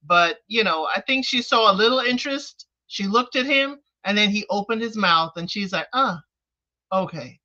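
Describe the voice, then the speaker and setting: A wry woman on a casual panel who hands out advice with a knowing tone. Her voice is bright, but the recording is dull and lo-fi. She talks in an unhurried way. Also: medium pitch, expressive. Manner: wry, advising. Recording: dull lo-fi audio.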